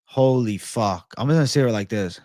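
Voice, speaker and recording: A young man hosting an MMA livestream, chatting casually and reading comments in a profane, excitable bro style. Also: lowish voice, moderate pace, dry recording, clean studio sound. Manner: profane, excitable, laid-back bro talk.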